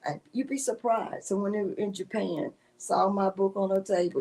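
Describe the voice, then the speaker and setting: A woman author, a guest in a casual interview, telling animated stories and often breaking into laughter. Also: mid-range voice, normal speed, gravelly, few pauses, slightly rough. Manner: animated storytelling with frequent laughter.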